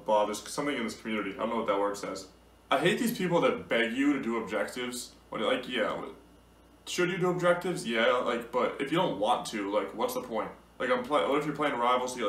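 A man's voice: mid-range voice, a bit bright. A young man giving casual gaming commentary, amused and incredulous, laughing often as he reacts. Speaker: gaming YouTuber. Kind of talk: casual commentary reading out messages. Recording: roomy sound from a distant mic.

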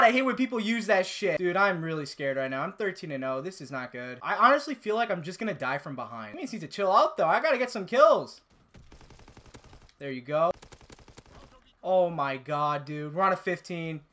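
Excitable young man narrating gameplay. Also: high-pitched. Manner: excitable, swears freely, bursts into yells. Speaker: gamer and channel host. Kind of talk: live gameplay commentary.

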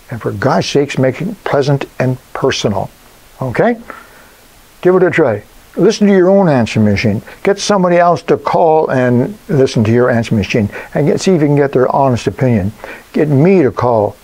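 A man's voice: medium pitch, husky, low-quality recording. Older man, business coach, casual and punchy, mid-range voice, folksy asides. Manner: animated, emphatic, folksy asides. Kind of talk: casual advice talk.

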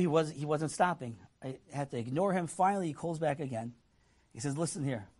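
A man telling an inspirational story to an audience, animatedly acting out the people he quotes. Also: on the high side. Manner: animated, acts out quoted voices, laughs. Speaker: storyteller speaker.

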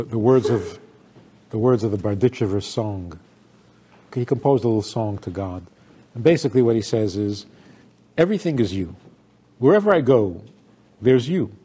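A man's voice: mid-range voice, mellow, slightly rough. An older man, a rabbi, giving a sermon-style talk with stories, acting out quoted voices and laughing along.

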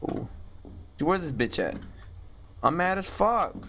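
A man's voice: high voice, big pitch swings, unhurried, gravelly, pauses often, background noise. Jumpy, swearing man playing a horror game. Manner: jumpy, swearing, talks to himself while playing. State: scared and tense. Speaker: gaming YouTuber. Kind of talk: horror gameplay commentary.

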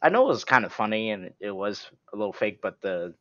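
A man with a fairly low voice talks about a film in a halting, self-correcting way. His mic sounds slightly dull and lo-fi, with the top end rolled off. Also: animated, sharp tone, no echo. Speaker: podcast co-host. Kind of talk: casual movie-discussion chat.

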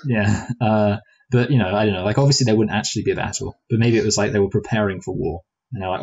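A man with a low, somewhat husky voice talks through a film review in a loose, rambling way. He often restarts his sentences and drifts into playful what-if asides. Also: fairly even intonation, fast, darkish tone, lo-fi sound. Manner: rambling, hesitant, full of restarts and fillers. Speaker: film review podcast co-host. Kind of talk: casual film review chat.

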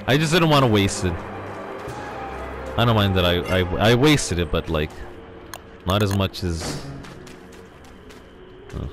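A man narrating his gameplay in an excitable, chatty way, his pitch jumping up and down as he reacts and talks straight to his viewers. Game music plays faintly underneath. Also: measured pace, pauses often. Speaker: gaming YouTuber. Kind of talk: casual let's-play commentary.

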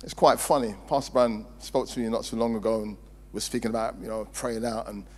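A male pastor, preaching a sermon in a church hall and swinging between loud emphasis and quiet storytelling. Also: fairly low pitch, fairly even intonation, a little fast. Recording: reverberant hall with mains hum.

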